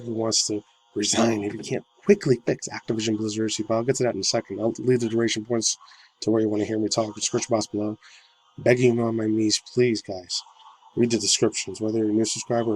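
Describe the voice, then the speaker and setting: A man in his thirties, hoarse from a sore throat, rambling casually through a vlog as a gaming news host. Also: on the low side, rough recording. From United States. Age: 30s. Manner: rambling, fillers, loose slangy talk.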